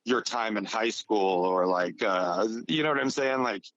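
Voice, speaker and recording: A male guest calling in to a casual podcast, talking in a loose, rambling way. His voice sits a little low, and the line sounds dull and lo-fi. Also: measured pace, fairly bright tone, no echo. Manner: rambling, full of fillers. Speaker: guest caller. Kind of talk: casual chat. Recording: slightly dull lo-fi call.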